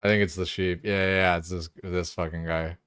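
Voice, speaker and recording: A man's voice: deep voice, little pitch movement, fairly quick, a bit bright, clear, resonant tone, no echo, studio quality. A young man chatting casually and profanely on a game stream, laughing often. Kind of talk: casual live-stream chat.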